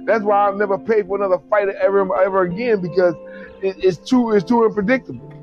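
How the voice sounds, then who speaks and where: A man in casual chat about fights, animated and profane, often acting out quotes. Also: high-pitched, fast talker, highs cut off, soft background music.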